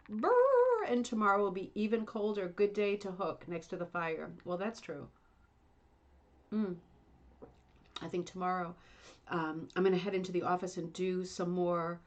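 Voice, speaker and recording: A woman hosts a casual livestream chat from her home in Indiana, rambling, chatty and self-deprecating. Her voice is fairly low in pitch, and the highs are cut off.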